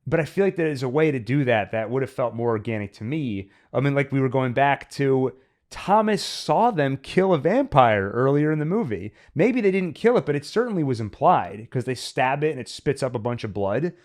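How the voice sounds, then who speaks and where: Animated and a little mellow, a man's mid-range voice moves at normal speed as he hosts a podcast. He chats casually and analytically about a film, thinking out loud as he reviews it.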